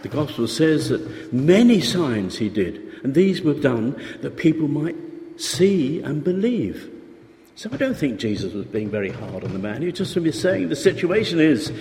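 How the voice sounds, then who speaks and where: Lively preacher in a reverberant hall. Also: male voice, medium pitch, a little slow. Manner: conversational, rhetorical questions, acts out pleading voices. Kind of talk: sermon. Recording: reverberant hall, faint noise.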